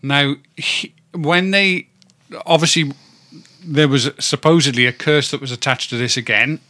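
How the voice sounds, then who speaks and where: A man's voice: fairly high pitch, unhurried, bright, forceful tone, dry recording. A man in his fifties, co-hosting a podcast in casual chat, rambling, tripping over words and swearing now and then. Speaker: podcast co-host.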